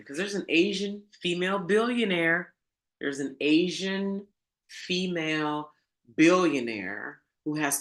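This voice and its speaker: A woman's voice: low-pitched, fairly bright tone. A woman coach giving a casual motivational monologue, emphatic and preachy, swearing and calling her viewers girl. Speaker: spiritual coach. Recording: echoey room.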